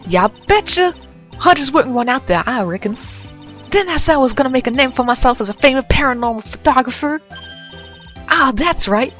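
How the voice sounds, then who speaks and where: A brash young photographer with a thick Southern twang, played by a woman raising her voice. She talks loud and pitched high, folksy and pushy. Faint music plays underneath. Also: lively intonation, a little fast. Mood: eager. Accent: Southern US, put on.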